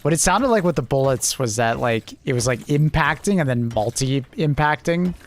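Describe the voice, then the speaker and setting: A young man chats casually while streaming a game, laid-back and quick to chuckle or swear. His pitch sits in a normal middle range but swings expressively as he reacts, and soft clicks tick faintly behind him. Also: expressive, a little hiss or hum. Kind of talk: casual gaming chat.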